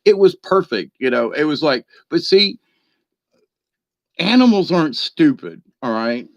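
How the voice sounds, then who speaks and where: A man's voice: fairly high pitch, lively intonation, measured pace, creaky, no room sound. A man hosting a spiritual channel, telling a meandering story at home by his computer, chuckling often and filling gaps with "you know.". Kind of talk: rambling casual storytelling monologue. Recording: dry, slightly dull lo-fi sound.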